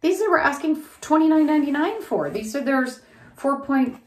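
A woman's voice: sits high, expressive. Chatty woman unboxing in an echoey room. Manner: chatty and rambling, thinks aloud, quick laughs. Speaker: reseller unboxing grab bags. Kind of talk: casual unboxing vlog.

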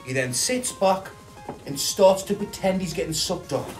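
A man's voice: high voice, expressive, normal speed, music in the background. A man mocking video clips in a profane comedic rant, as host of a reaction video. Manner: swearing, mocking, ranting.

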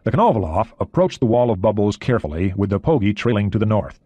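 A man reading an audiobook in a steady, expressive way. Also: fairly low pitch, fast, husky, no echo. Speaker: audiobook narrator. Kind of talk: audiobook narration.

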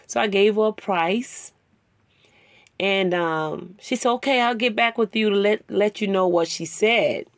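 A woman's voice: mid-range voice, unhurried, no echo, clean studio sound. A woman telling a personal story in a sermon-style talk, conversational and emotional. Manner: conversational, rambling with fillers; emotional, tearing up. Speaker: Bible teacher.

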